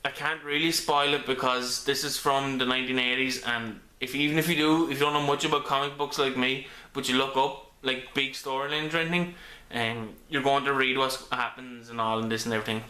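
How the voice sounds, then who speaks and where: A man talks through a comic book review in a casual, rambling way, stopping often to restart his sentences. His voice is bright and forward. It is picked up on a camera mic in an echoey room at home. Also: medium pitch, steady tone, brisk. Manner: rambling with many ums and restarts.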